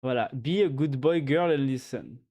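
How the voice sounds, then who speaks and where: A man's voice: mid-range voice, moderate pace, warm tone. A man with a French accent chatting casually and joking while he codes on a live stream. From France. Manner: joking, musing aloud, full of restarts.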